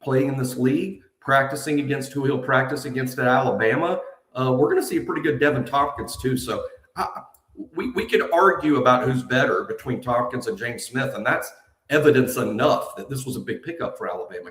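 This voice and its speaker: A man's voice: medium pitch, lively intonation, fairly quick, fairly bright tone. A man co-hosting a casual sports talk show, emphatic and often repeating himself. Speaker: co-host. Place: nearly empty house being moved out of. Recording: echoey empty room.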